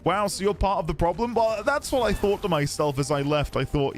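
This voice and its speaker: A man's voice: high-pitched, a little fast. A British man casually chatting and rambling while streaming a game, laughing easily and answering his chat. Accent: British English. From United Kingdom.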